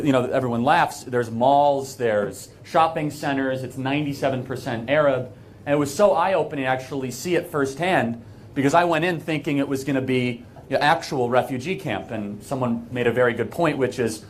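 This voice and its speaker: A man's voice: mid-range voice, slight background noise. An American man giving an earnest, emphatic speech to a live audience, conversational and full of asides. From United States. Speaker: guest speaker. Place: event hall with an audience.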